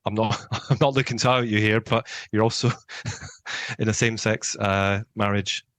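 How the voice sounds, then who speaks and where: A man's voice: lowish voice, steady tone, normal speed, a bit bright, dry recording. A man co-hosting a podcast, chatting casually in a rambling, self-deprecating way. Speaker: podcast co-host.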